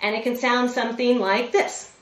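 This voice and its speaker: A woman in her forties gives an animated motivational talk, keeping her listeners with her by asking them to agree. Her voice sits fairly high for a woman, and it comes across from a distance in a roomy, echoing space. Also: normal speed. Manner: animated, checks in with listeners with frequent "right?". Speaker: veterinarian and public speaker. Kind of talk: motivational presentation. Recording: roomy sound from a distant mic.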